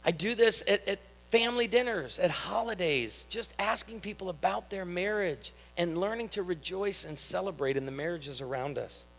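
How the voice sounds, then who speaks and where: A man's voice: high voice, moderate pace, creaky, few pauses. A man, preaching a sermon and telling stories that act out family conversations. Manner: storytelling, acts out family dialogue with animated swings. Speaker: pastor. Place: church sanctuary. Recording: long reverb of a church hall.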